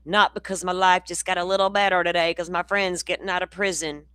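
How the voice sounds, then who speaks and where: A woman's voice: fairly low pitch, level tone, a little fast, a bit bright, smooth, no room sound. A woman host giving blunt, profane, sarcastic commentary on clips.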